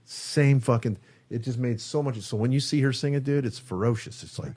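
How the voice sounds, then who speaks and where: Fairly quick and darkish in tone, this medium-pitched male voice belongs to a Bay Area guitarist in a studio interview. As the guest, he relates a story in a relaxed way, swearing freely and acting out the dialogue.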